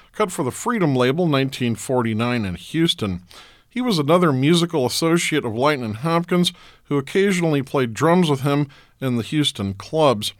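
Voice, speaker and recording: Male radio host, relaxed informative delivery, dry close studio sound. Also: a little high, dry recording. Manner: relaxed, informative back-announcing. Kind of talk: radio show announcing.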